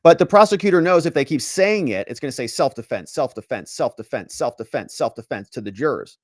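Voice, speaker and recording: A man's voice: mid-range voice, expressive, fairly quick, dry recording, studio quality. A man, a lawyer and commentator, recounting trial testimony and acting out the witness and lawyers, with sarcastic asides. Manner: acts out witnesses and lawyers in quotes.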